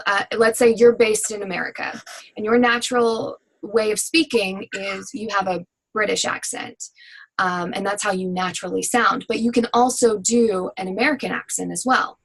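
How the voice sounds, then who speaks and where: A woman who produces voiceover demos, answering questions in a casual webinar with energetic, chatty talk full of fillers. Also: medium pitch, measured pace, poor audio.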